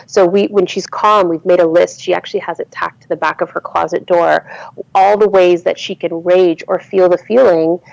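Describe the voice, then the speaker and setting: A woman's voice: fairly low pitch, fairly even intonation, moderate pace, gravelly, a little mellow, no echo, highs cut off. A woman in her forties, a podcast guest in casual conversation, earnest and easy to laugh. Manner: earnest, laughs easily, acts out quotes.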